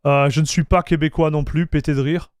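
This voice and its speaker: A man, hosting a casual livestream chat, animated and stammering, calling his viewers bro and dude. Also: fairly high pitch, fast talker, clear, resonant tone, no echo. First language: French. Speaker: livestream host.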